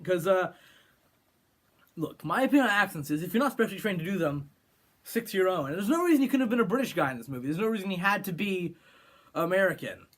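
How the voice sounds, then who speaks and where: A California man, a film reviewer, rants about a movie in a sarcastic, opinionated, rambling way, restarting his sentences often. He's a fast talker with a high-pitched, animated voice.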